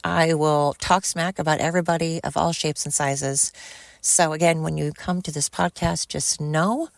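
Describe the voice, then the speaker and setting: Deep, steady and a bit creaky, the voice of this middle-aged solo podcast host moves at a normal speed with no echo. Heartfelt and rambling, she vents with liberal swearing and afterward thanks the people who listen.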